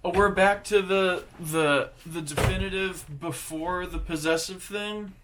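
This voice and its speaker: A young man thinking aloud as he practices a language lesson, sounding out foreign words haltingly. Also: high-pitched, steady tone, a bit bright, a little hiss or hum. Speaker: language learner.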